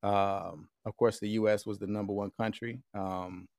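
A man's voice: lowish voice, flat delivery, normal speed, creaky, darkish tone, no echo, clean studio sound. An American man hosting a podcast remotely, talking in a laid-back, slangy way with lots of fillers. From United States. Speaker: podcast host. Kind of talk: casual podcast chat. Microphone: remote call with a mixer.

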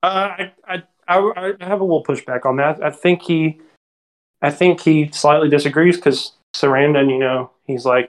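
A man in casual podcast chat about films, animated and quoting scenes. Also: on the high side, moderate pace. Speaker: podcast panelist.

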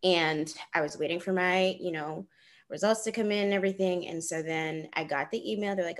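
A woman in her twenties with a fairly low voice, telling a personal story on a chatty podcast. She is expressive, laughs often, and sinks into hushed asides. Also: normal speed. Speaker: podcast co-host.

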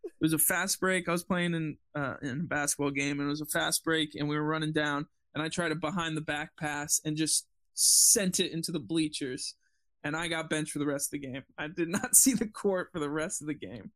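An easygoing man co-hosts a podcast with a slightly raised pitch. He chats in a relaxed, casual way. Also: fairly quick. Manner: easygoing, laughs along. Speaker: podcast co-host.

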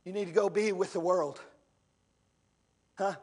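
A male pastor preaching an impassioned sermon in church, rising to shouts and calling out to the congregation. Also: high-pitched, steady tone, a little slow, husky.

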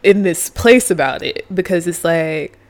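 A woman's voice: fairly low pitch, lively intonation, measured pace. A young woman co-hosting a podcast, giving opinions casually and hedging as she thinks aloud. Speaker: podcast co-host. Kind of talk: casual chat.

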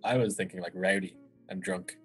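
A woman with an Irish accent in casual chat, teasing in a dry, deadpan way. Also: extremely low pitch, a little fast, faint music behind.

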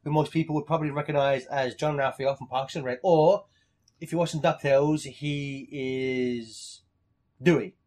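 A young man co-hosting a casual podcast chat, animated and swearing freely, often acting out lines he quotes. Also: mid-range voice, normal speed. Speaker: podcast co-host.

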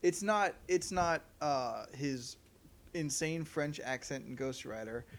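A man's voice: fairly high pitch, slow, a little hiss or hum. A man co-hosting a podcast, chatting casually about movies in an opinionated, rambling way with many fillers and restarts. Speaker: podcast co-host. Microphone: studio podcast mic.

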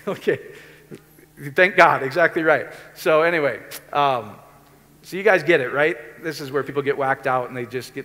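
A man preaching a sermon in a loose conversational way, often checking in with his listeners with quick questions. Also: medium pitch, fairly bright tone. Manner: conversational, keeps checking in with the audience. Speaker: pastor. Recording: long hall reverb.

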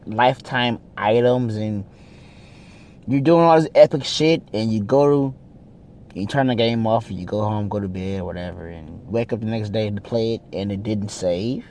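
A man's voice: medium pitch, warm tone. A young man hosting a casual solo podcast, rambling and swearing, often restarting his words in frustration. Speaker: podcast host.

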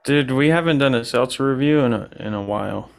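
A man's voice: mid-range voice, brisk, gravelly, clean tone. A man co-hosting a podcast in casual chat, easygoing and explaining things matter-of-factly. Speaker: podcast co-host.

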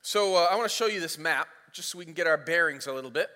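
A man's voice: on the high side, quick pace, bright, forceful tone. A man preaching a sermon as pastor, retelling the story in a casual, playful way. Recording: reverberant hall.

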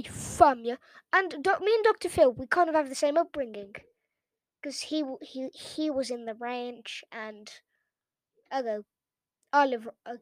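An English woman with a high voice hosts a reaction video, launching into quick, casual rants that are sarcastic and mocking. There's no room sound.

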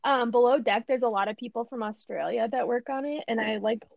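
A woman's voice: a little high, a little fast, gravelly, dry recording, narrow, tinny audio. A young woman with a Minnesotan accent in a casual podcast chat, upbeat and agreeable, laughing easily.

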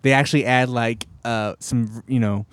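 A man hosting a casual podcast, rambling with lots of fillers, swearing and excited outbursts. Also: mid-range voice, normal speed, no echo. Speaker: podcast host.

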